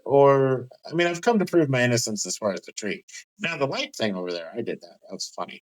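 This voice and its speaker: A man's voice: mid-range voice, expressive, a little fast, close to an everyday voice, rough recording. A man voicing a mischievous male trickster god who talks smugly and finds chaos funny in a tabletop game. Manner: smug, amused, chaotic.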